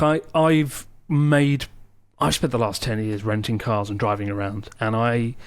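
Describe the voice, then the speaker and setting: A man's voice: mid-range voice, no room sound. Chatty man on a dry podcast mic. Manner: relaxed, chatty, wry. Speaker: podcast co-host reading listener questions. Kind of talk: casual podcast chat.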